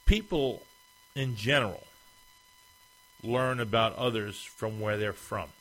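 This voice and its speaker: A man's voice: lowish voice, slow, a bit bright, poor audio. Man ranting through rhetorical questions. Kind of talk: opinion monologue.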